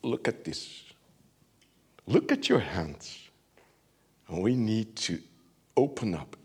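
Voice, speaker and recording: A male preacher giving an animated sermon, laughing often and swinging from shouts to near-whispers. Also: fairly low pitch, takes it slowly, husky.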